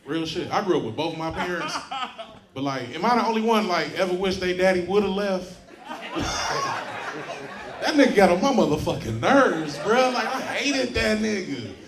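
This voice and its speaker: Brash profane stand-up comedian in a club. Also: male voice, high-pitched, animated, moderate pace. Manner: brash, profane, laughs at own jokes. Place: comedy club stage before a live audience. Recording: roomy club with loud crowd laughter.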